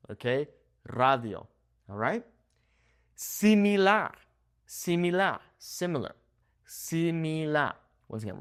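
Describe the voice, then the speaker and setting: A young man gives a pronunciation lesson and sounds out each example word slowly. His voice sits a little high and moves a lot in pitch. He stretches words out as he repeats them. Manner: lively, drawn-out word demonstrations. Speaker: Spanish teacher. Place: in Mexico.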